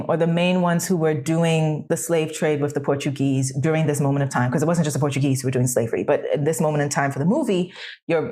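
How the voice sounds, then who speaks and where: A woman co-hosting a podcast, adding her thoughts on a film in a measured, thoughtful way. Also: deep voice, darkish tone. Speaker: podcast co-host. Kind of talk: casual film review chat.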